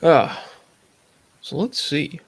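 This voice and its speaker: A man's voice: on the high side, animated, drawn-out words, husky. Dry-joking man hosting a live stream. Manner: dry, teasing jokes. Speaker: host. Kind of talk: casual live-stream chat.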